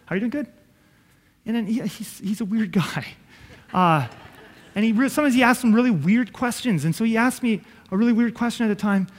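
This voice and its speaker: A man's voice: high-pitched, fairly quick, in a large hall. A man preaching a sermon as pastor, earnest and conversational, with self-deprecating asides.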